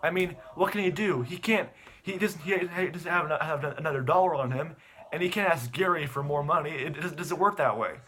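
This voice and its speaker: A man's voice: on the high side, a little fast, a bit bright, a little hiss or hum. A man casually retelling a story in a rambling way, restarting often. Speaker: video host. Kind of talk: casual rambling plot recap.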